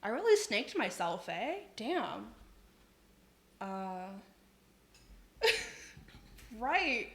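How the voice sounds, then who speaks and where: A woman's voice: fairly high pitch, very animated, takes it slowly, long pauses, a bit bright, reverberant, a little hiss or hum. Chatty giggly woman streaming. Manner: chatty and giggly, says "like" a lot. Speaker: livestream host. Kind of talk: casual chat while cooking, reading chat aloud. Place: home kitchen.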